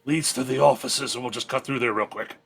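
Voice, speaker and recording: A man playing in a tabletop game, talking quickly and offhandedly and swearing casually. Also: medium pitch, fairly even intonation, creaky, fairly bright tone, husky. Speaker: player.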